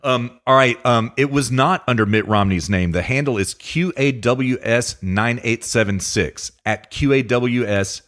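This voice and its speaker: A man's voice: mid-range voice, measured pace, hardly any pauses, a bit bright. A man hosting a casual political podcast, talking in a laid-back way with frequent laughs. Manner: laid-back, laughs often, says you know. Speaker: podcast host.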